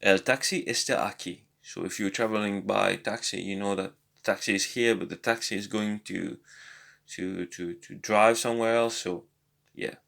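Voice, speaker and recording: A man's voice: fairly low pitch, steady tone, moderate pace, vocal fry, a bit bright. Hesitant man teaching a language lesson. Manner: hesitant, many fillers and restarts. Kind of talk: casual spoken lesson.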